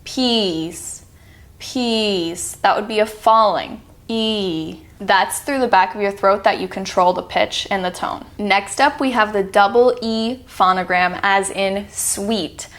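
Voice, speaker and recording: Lady teaching class, slow and patient, draws out every example word. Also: mid-range voice, a bit bright. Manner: slow, patient, drawing out model words. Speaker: accent reduction teacher. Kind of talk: instructional video lesson.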